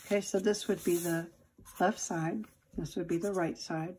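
A woman's voice: lowish voice, steady tone, moderate pace, a little mellow, a little hiss or hum. A woman anatomy instructor giving a recorded lab lecture, explaining step by step with fillers and self-corrections.

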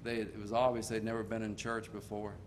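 An older man preaching a sermon in a folksy storytelling manner, slowing down to stress key points. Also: fairly low pitch, little pitch movement, a little hiss or hum.

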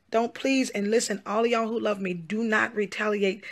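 Here a woman with a mid-range voice talks at a normal speed in a steady tone, barely pausing. She's a pastor and gospel singer making a direct-to-camera social media address, urgent and pleading, repeating lines and addressing her followers as "y'all" and "honey."

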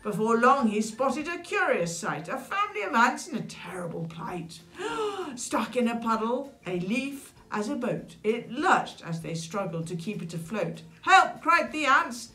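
Animated British woman reading a storybook. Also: on the high side, moderate pace, hardly any pauses. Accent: British English. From England. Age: 60s. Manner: animated, expressive, with dramatic gasps. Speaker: children's story reader. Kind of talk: reading a rhyming picture book aloud. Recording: echoey room.

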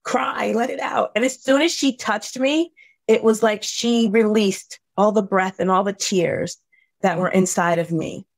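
A woman's voice: medium pitch, no room sound. Earnest woman telling a painful story. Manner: earnest, heartfelt, halting at painful moments. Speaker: podcast guest. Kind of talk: emotional personal storytelling.

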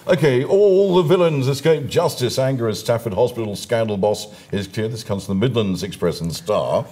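A man's voice: mid-range voice, normal speed, warm tone, husky. A man presenting a TV newspaper review, chatting and throwing in asides. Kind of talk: studio discussion.

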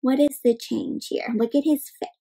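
High-voiced woman reading to kids. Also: steady tone, moderate pace, vocal fry, husky, rough recording. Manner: asks children questions, addresses them as "my friends"; gentle, encouraging teacher-like tone. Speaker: children's story reader. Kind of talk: interactive read-aloud for kids.

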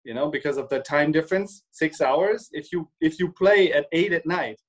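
Man chatting, slightly high voice. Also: normal speed, rough recording. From Germany. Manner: hesitant with many restarts, acts out imagined quotes. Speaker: co-host. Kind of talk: casual discussion.

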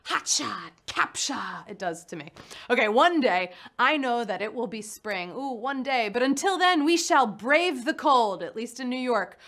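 Playful bright-voiced woman quiz host. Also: a little high, lively intonation, measured pace. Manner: playful, punny, chatty with the audience. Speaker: game show host. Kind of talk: live mobile quiz show hosting. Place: studio in New York.

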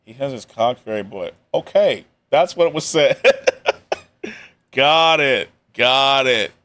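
A man streaming live, reacting to a video with relaxed, slang-heavy chatter. His voice sits at an ordinary pitch for a man, and his delivery stays loose and offhand, full of joking asides. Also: slow pace.

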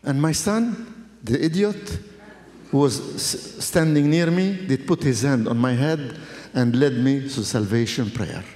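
In an echoey hall, a male pastor with an unhurried, slightly mellow mid-range voice gives his testimony. He tells it in a dramatic, emphatic, storytelling style, repeating phrases for effect.

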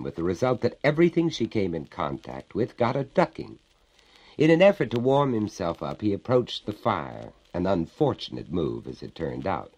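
A man narrating a storybook tale in a theatrical, wry and measured way. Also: on the low side, a little mellow, husky, poor audio. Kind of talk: dramatic storybook reading.

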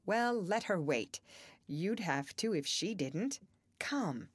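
A troubled young farmer, read by a woman narrator, brooding and full of longing. He speaks in an earnest, pleading way, voiced as audiobook dialogue a little above the reader's usual pitch. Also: lively intonation, a little slow, no echo.

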